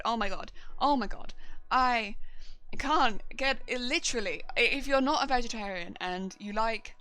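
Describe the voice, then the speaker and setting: A young woman chatting casually while she crafts on a live stream, rambling excitedly and laughing often. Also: high-pitched, brisk. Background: faint background music.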